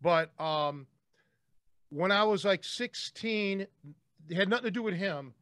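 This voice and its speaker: A man's voice: sits high, unhurried, a bit bright, no echo, clean studio sound. A man hosting a podcast, telling stories casually in a blunt way and swearing freely. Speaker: podcast host.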